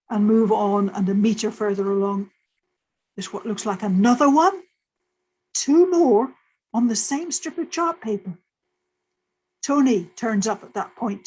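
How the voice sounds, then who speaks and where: Older female lecturer, slightly husky, mid-pitched, storytelling talk. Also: darkish tone, poor audio. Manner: vivid present-tense storytelling, explains plainly. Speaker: astrophysicist giving a talk. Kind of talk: lecture told as a personal story.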